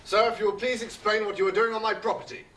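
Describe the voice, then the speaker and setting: A man's voice: sits high, fairly even intonation, quick pace, natural voice. A man playing a huffy indignant viscount. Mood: exasperated. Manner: huffy, exasperated. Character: indignant male viscount who owns the estate. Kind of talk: amateur comedy sketch acting. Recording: echoey room from a distance, noise.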